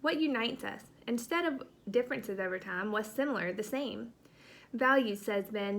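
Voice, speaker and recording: Expressive woman teacher reading a novel aloud. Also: a little high, normal speed.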